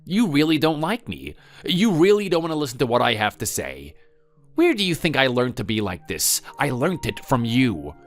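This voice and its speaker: A man's voice: medium pitch, sing-song, moderate pace, natural voice. A man voicing a resentful grown son who bitterly blames his mother. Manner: bitter, defensive.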